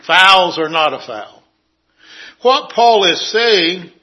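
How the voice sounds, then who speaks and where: A man preaching a sermon, earnestly citing scripture and dropping his voice for quiet emphasis. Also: high-pitched, poor audio.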